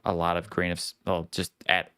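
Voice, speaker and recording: A man hosting a gaming podcast, talking casually and at length in a relaxed, rambling way. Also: low-pitched, brisk, a loud crowd. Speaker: podcast host.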